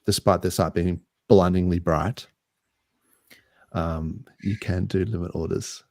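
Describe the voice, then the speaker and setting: A man with an Australian accent co-hosting a casual podcast chat, relaxed and rambling with easy laughs. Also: deep voice, unhurried, no echo, clean studio sound. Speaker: podcast co-host.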